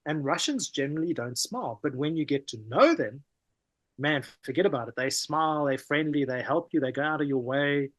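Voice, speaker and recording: A South African man, a podcast guest, telling stories in a lively, casual way, often saying "man" and "you know". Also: a little high, a little fast, no room sound. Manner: animated, peppers talk with "man" and "you know". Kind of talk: casual conversational storytelling.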